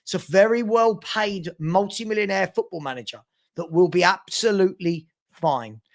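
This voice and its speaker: A man's voice: sits high, normal speed. A man from South London with a London accent, hosting a live football transfer show and bluntly telling off commenters in a repetitive, casual way.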